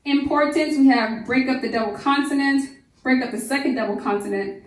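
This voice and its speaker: A woman teaches a phonics lesson, stretching each syllable as she sounds words out. Her voice sits fairly high. She is heard from a distance in an echoey room. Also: brisk. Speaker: homeschool teacher.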